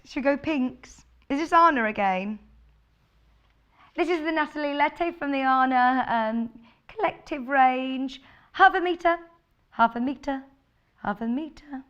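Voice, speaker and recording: A woman's voice: high voice, lively intonation, takes it slowly, pauses often, a bit bright, muffled recording. Chatty woman presenting on air. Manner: chatty and gushing, reads out viewer messages. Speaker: shopping channel presenter. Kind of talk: live on-air product presentation.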